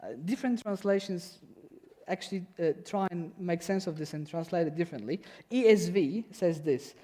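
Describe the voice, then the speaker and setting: Man with a high voice, young pastor, relaxed chatty sermon, lively delivery. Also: normal speed. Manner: conversational, animated with playful voiced quotes. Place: church.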